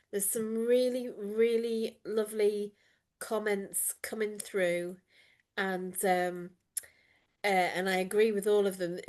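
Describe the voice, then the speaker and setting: A woman's voice: mid-range voice, fairly bright tone. A woman hosting an online poetry open mic, effusive and chatty, with many fillers. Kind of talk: casual hosting.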